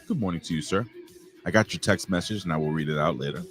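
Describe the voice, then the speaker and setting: A man's voice: sits low, huge pitch swings, a little fast, pauses often, a bit bright, breathy edge, soft background music. A middle-aged man hosting a wrestling review stream, rambling casually, swearing and greeting viewers in the chat. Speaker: wrestling review show host.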